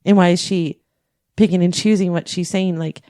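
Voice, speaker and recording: A woman's voice: lowish voice, fairly even intonation, moderate pace, mellow, no echo, clean studio sound. A middle-aged woman co-hosting a podcast, telling stories in an emotional, candid way and swearing freely. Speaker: podcast co-host. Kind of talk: casual podcast chat.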